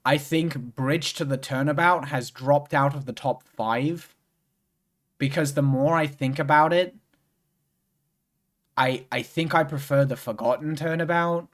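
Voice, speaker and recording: Young man, game streamer, slightly high voice, casual rambling chat, lots of fillers, offhand swearing. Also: measured pace. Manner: rambling, full of "like" and restarts, swears freely.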